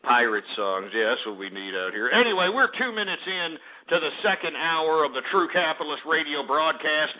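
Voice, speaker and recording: A man hosting a call-in radio show, ranting loudly and hurling insults at callers. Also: fairly high pitch, expressive, fairly quick, hardly any pauses. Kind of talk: abrasive call-in radio talk. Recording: lo-fi phone-quality internet radio.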